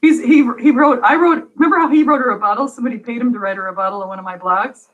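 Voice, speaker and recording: A woman's voice: fairly high pitch, rapid-fire, phone-quality sound. A woman on a casual chat as a guest, rambling and laughing often. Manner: giggly, rambling.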